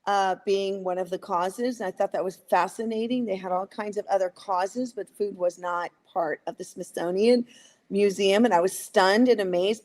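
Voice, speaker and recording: A woman's voice: mid-range voice, a little mellow. A woman in her sixties speaking as a guest on a talk show, emotional and indignant, sometimes acting out quoted voices. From United States. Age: 60s. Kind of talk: impassioned talk-show commentary.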